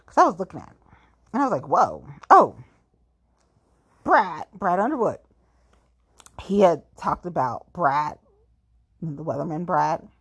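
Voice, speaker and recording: A woman's voice: on the low side, very animated, unhurried, pauses often, fairly bright tone, husky. A woman chatting casually, rambling and filling her talk with "like", playfully self-mocking. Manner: rambling, heavy use of "like"; playful, self-mocking about being petty. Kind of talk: casual chat.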